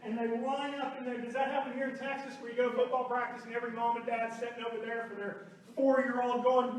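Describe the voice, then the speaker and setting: A man from Oklahoma telling lively stories as a speaker at a business meeting, speaking to a live room and acting out quotes. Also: extremely high pitch, brisk. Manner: animated storytelling with acted quotes. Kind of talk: motivational talk to a live room. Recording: roomy far-off hall recording.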